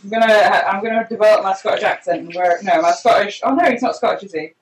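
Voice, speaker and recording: A woman player chatting playfully and excitably over a video call while making her tabletop character. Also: medium pitch, fast talker. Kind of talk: casual chat while creating a character. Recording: echoey room, noisy video call.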